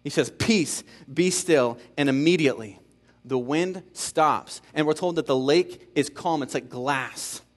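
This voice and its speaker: A man preaching a sermon, repeating key phrases and swinging between emphatic, rising passages and quiet, low stretches. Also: a little slow. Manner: builds to emphatic passages, then drops quiet. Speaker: pastor.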